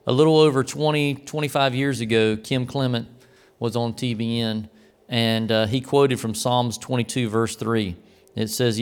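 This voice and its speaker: Smooth-voiced man giving a devotional talk. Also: mid-range voice, steady tone, moderate pace. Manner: earnest, reflective, with small restarts.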